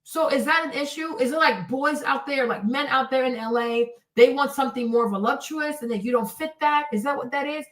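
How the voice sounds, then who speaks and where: Exasperated high-voiced woman ranting. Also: fairly quick, hardly any pauses, far from the mic. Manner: animated, exasperated, swears a lot; bursts into shouts. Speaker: host. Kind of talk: ranting commentary stream. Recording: echoey room, off the mic.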